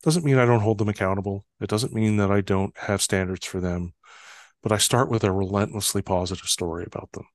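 A man, a guest on a podcast, speaking in a calm, measured way about building trust. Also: on the low side, dry recording. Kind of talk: reflective conversation.

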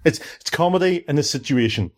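Rambling podcast host dad. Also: male voice, on the high side, animated, brisk. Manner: rambling, stumbling over words. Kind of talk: casual family podcast chat.

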